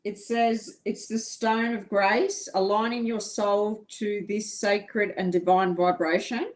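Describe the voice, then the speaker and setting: Slow, measured woman reading aloud. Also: mid-range voice, fairly even intonation. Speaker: co-host. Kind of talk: reading a crystal description aloud.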